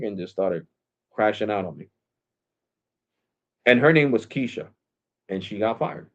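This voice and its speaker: A man's voice: mid-range voice, moderate pace, pauses often. Profane storytelling man on lo-fi stream. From Puerto Rico. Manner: animated, profane, acts out other people's lines in quotes. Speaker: live streamer. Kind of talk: casual storytelling to a live stream audience. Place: at home.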